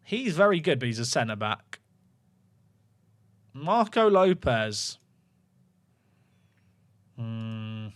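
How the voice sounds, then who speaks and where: Male streamer, casual running commentary, mid-pitched. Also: big pitch swings, slow pace, long pauses. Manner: musing aloud, chatting to viewers. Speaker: gaming streamer.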